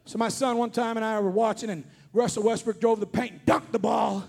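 High, gravelly preacher shouting. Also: male voice, steady tone, a little fast. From Kentucky. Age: 40s. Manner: shouting, fervent revival preaching with comic asides. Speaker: pastor. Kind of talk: sermon.

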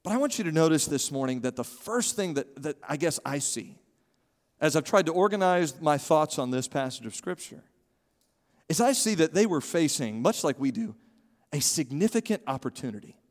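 A male pastor delivers an animated sermon in a fairly high voice. He keeps drawing the congregation in to read along and answer back. The room gives his words a long, ringing reverb. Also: normal speed. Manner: animated, calls on the congregation to respond. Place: church sanctuary.

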